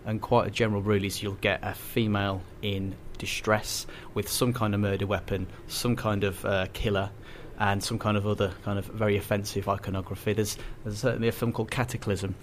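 A man on a radio chat as an enthusiastic guest, talking in halting restarts and often chuckling. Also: lowish voice, little pitch movement, slight background noise.

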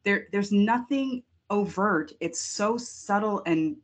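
A woman co-hosting a casual film podcast, telling her views in an animated, expressive way. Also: mid-range voice, slow pace. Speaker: podcast co-host. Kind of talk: casual discussion.

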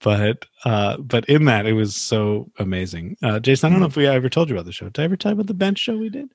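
A man's voice: medium pitch, big pitch swings, fast talker, gravelly, no echo. A man hosting a casual chat as an improviser, talking in an eager, rambling way and laughing often. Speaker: podcast host, improviser.

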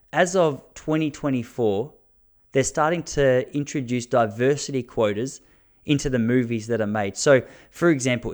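An Australian man in his thirties, a comedian who hosts a podcast, tells stories in a casual monologue. He's animated and chatty, restarting often, in a medium-pitched voice.

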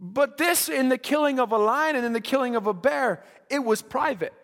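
Very high-voiced man preaching in an echoing hall. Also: moderate pace, fairly bright tone. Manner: earnest, repeats words while building a point. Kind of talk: sermon to young people. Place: church.

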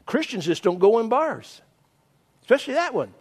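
Middle-aged man, pastor, high voice, chatty sermon, self-mocking humor. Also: very animated, moderate pace.

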